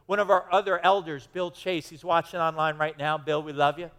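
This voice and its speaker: A male pastor delivers a sermon in a church sanctuary, and his voice rings out with a long hall reverb. He sits a little higher than most men and preaches in an emphatic, conversational way, often restarting his sentences. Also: flat delivery, a little fast, a bit bright.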